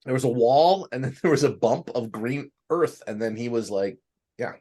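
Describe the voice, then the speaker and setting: A man's voice: mid-range voice, animated, normal speed, warm tone. A man hosting a casual podcast, a playful improviser who gushes and jokes. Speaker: host. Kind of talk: casual chat.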